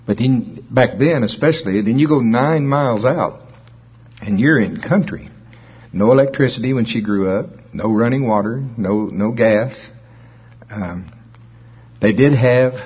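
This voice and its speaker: A man's voice: mid-range voice, a little slow, husky. A man in his sixties preaching a sermon in a folksy, storytelling manner. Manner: folksy, storytelling, chuckles at his own jokes. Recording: dull lo-fi recording.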